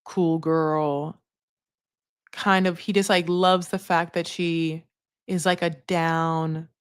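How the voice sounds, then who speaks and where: A woman's voice: lowish voice, flat delivery, slow, clear, resonant tone, no echo, clean studio sound. A woman hosting a casual reality TV recap, chatty and sassy, swearing freely and calling people honey. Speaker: TV recap host.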